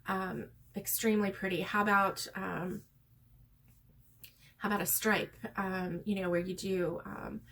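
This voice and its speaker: A woman's voice: medium pitch, fairly even intonation, unhurried, a bit bright, slight background noise. Chatty heartfelt woman crochet vlogger. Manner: rambling, heartfelt, many ums. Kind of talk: casual chat to viewers.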